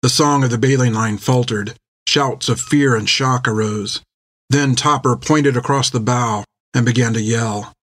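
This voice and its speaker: A man reading an adventure novel aloud in measured, scripted narration on a close mic. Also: mid-range voice, a bit bright, no room sound. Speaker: audiobook narrator.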